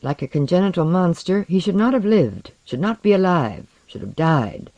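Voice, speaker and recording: Male narrator, audiobook, expressive, lively pitch, mellow, dry close sound. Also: normal speed, dry recording, highs cut off. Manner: expressive, dramatic reading.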